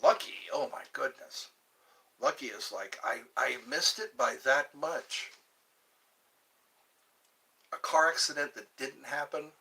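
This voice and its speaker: A man's voice: mid-range voice, slow pace, pauses often, sharp tone, distant mic. A man hosting a casual livestream, rambling and joking as he chats with his viewers. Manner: rambling, jokey, chatting with viewers. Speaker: livestream host.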